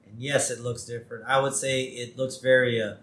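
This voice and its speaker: A man's voice: mid-range voice, little pitch movement, fairly quick, fairly bright tone. Easygoing man in an echoey room. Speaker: podcast co-host. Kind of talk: casual episode recap.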